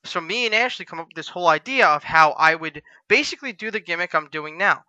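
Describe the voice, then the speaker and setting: A man co-hosting a casual podcast, telling lively stories and acting out the people in them. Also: a little high, fast talker, dry recording, rough recording. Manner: animated, acts out quoted voices with profanity. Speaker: podcast co-host, wrestler.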